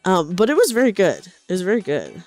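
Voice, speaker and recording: Young woman host, casual stream chat, animated and sweary, very lively pitch, faint background music. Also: fast. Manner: animated, swears, trails into quiet mumbles.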